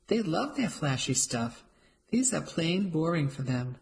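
Level-headed older aunt, narrator reads her, dry and quiet, storybook. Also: mid-range voice, sing-song, unhurried, vocal fry. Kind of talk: audiobook character voice.

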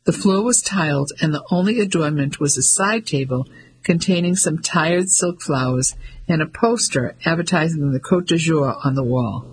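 A man narrating an audiobook in a steady, descriptive manner. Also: on the high side, moderate pace, slightly rough, rough recording.

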